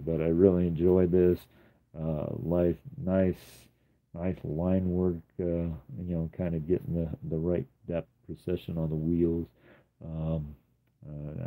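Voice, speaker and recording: A man casually walking through his sketchbook, rambling with many ums and uhs. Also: deep voice. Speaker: artist showing his sketchbook. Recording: tinny phone-like sound.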